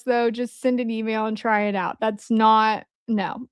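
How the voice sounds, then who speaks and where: A woman's voice: on the high side, fairly even intonation, unhurried, hardly any pauses, smooth, dry recording, studio quality. A woman with a Midwestern American accent hosting a casual livestream, chatting and joking with her viewers. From Midwest of the United States. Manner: chatty, joking asides to chat. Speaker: livestream host.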